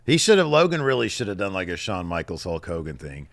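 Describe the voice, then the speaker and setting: Low-pitched and creaky, this man talks fast with big pitch swings, on a dry recording. He's co-hosting a podcast, giving a jokey, casual wrestling recap with plenty of swearing and emphatic readings of promos.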